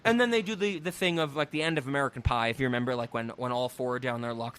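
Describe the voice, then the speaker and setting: A man's voice: mid-range voice, fast. A man hosting a casual podcast, telling a movie's plot and acting out the characters' lines. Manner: animated storytelling, acts out quotes. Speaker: podcast host. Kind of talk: casual chat.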